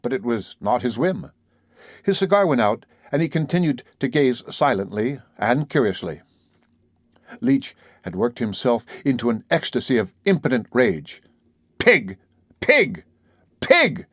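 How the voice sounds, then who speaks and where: A man's voice: medium pitch, animated, no echo. Man reading a classic novel, dry sound. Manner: measured, dramatic first-person reading. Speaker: audiobook narrator. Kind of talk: scripted audiobook narration.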